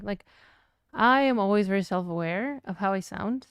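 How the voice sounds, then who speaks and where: Smooth-voiced Latina woman, playful. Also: medium pitch, normal speed, dry recording, studio quality. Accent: Latin American Spanish. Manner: playful, teasing, chatty. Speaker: streamer's partner answering chat. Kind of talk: casual stream chat.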